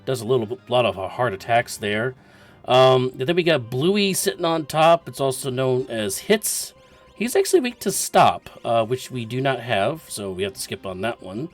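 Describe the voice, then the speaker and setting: A man commentating a video game match in a relaxed, chatty way. He walks through the strategy step by step and laughs easily. Faint music plays underneath. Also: mid-range voice, moderate pace. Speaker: esports commentator.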